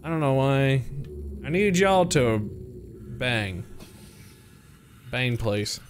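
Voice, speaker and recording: A man's voice: medium pitch, animated, drawn-out words, slight background noise. A young man streaming a game, chatting playfully to his viewers and to the creatures on screen. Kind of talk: casual gameplay commentary.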